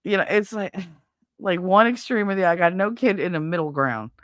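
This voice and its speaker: A woman's voice: on the low side, lively intonation, fairly quick, fairly bright tone, no room sound, clean studio sound. Blunt, swearing middle-aged woman ranting. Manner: blunt, profane, exasperated ranting. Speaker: livestream host. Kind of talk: casual venting monologue.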